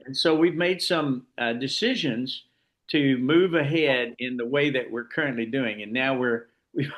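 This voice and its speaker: A man's voice: medium pitch, measured pace, muffled recording. A man leading an informal scripture class, explaining at length with frequent restarts. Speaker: class leader.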